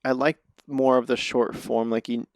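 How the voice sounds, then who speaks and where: A man's voice: mid-range voice, flat delivery, moderate pace, no room sound, studio quality. A man, a podcast guest who acts and does comedy, telling self-deprecating stories in casual conversation. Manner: self-deprecating storytelling, laughs at himself.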